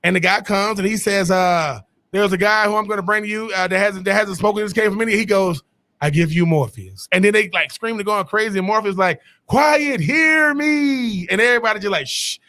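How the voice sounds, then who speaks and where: A man with a high, bright voice co-hosts a sports talk show. He rambles through casual debate, restarting sentences and dropping slang as he goes. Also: fast talker. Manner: rambling, restarts often, Southern-tinged slang. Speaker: sports podcast co-host.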